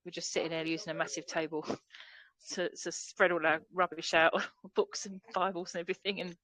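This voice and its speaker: A woman's voice: fairly low pitch, little pitch movement, normal speed, fairly bright tone, low-quality recording. A woman with a London accent chatting and laughing on a group video call from a pub. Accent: London English. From England. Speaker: fellowship member.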